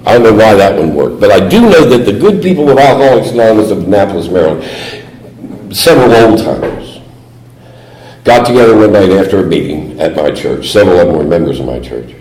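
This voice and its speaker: A man's voice: low-pitched, expressive, fast, darkish tone. A middle-aged man giving a humorous talk at a recovery meeting, telling his story with put-on voices. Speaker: AA speaker. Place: meeting hall. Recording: echoey hall recording.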